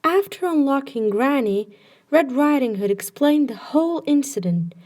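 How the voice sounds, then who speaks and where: A woman narrating a children's bedtime story with slow, expressive storytelling. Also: high voice.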